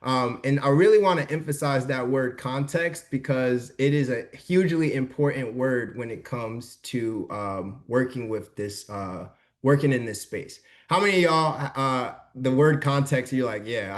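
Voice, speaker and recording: A man's voice: medium pitch, a little slow. A young man presenting a casual live workshop over a video call, chatty and informal, checking in with his audience often.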